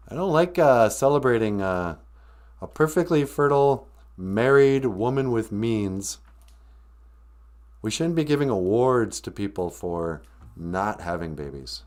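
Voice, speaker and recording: A man's voice: fairly low pitch, animated, unhurried, a little mellow. A man hosting a live-stream podcast, rambling through a sarcastic, mock-grumpy comedic rant. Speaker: podcast host.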